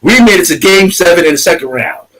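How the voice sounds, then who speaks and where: A fired-up man tears into rival fans on a sports podcast, swearing freely as he rants. His voice sits high and keeps climbing as he presses his points. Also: expressive, quick pace, a bit bright, rough recording. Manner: ranting, profane, trash-talking. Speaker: podcast co-host. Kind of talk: heated sports talk.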